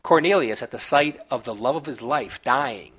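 A man reviewing comic books, recapping the plot in a relaxed, chatty way with small asides. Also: medium pitch, normal speed, breathy edge.

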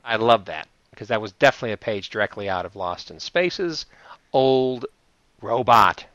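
A man's voice: fairly low pitch, lively intonation, normal speed, fairly bright tone, no echo, highs cut off. A man co-hosting a casual chat, rambling and laughing often, trailing off mid-thought. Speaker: podcast co-host.

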